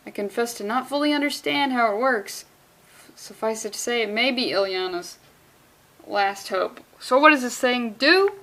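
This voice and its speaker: Sarcastic, profane woman comic vlogger. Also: a little high. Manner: profane, sarcastic, animated rants. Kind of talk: casual comic read-along commentary.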